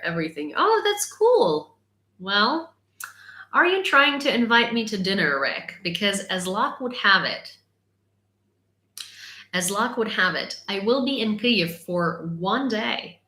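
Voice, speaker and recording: A woman's voice: mid-range voice, lively intonation, unhurried, pushed and bright, roomy sound. A young woman from Ukraine with an American accent, chatting playfully with viewers as a livestream host. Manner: chatty and playful, reads comments aloud. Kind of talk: casual livestream chat answering viewers.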